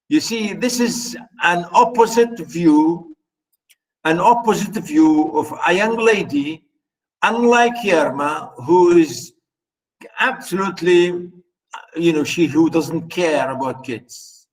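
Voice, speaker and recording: A man's voice: a little high, slow pace, rough recording. A man lecturing on a play, reading passages aloud and explaining them patiently with frequent "you know". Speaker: literature lecturer.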